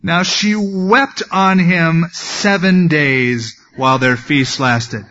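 A man's voice: fairly high pitch, slow pace, sharp tone, highs cut off. A man preaching a sermon, reading scripture and adding wry, conversational asides. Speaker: pastor.

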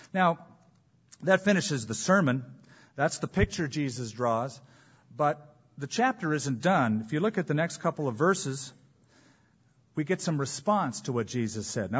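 A man preaching a sermon as pastor, emphatic, with dramatic pauses and repeated phrases. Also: a little high, husky, muffled recording.

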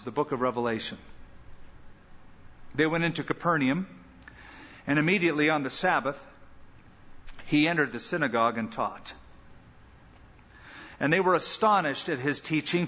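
A male pastor preaching a sermon with lively delivery, acting out the lines he quotes. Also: a little high. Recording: muffled sound with long hall reverb.

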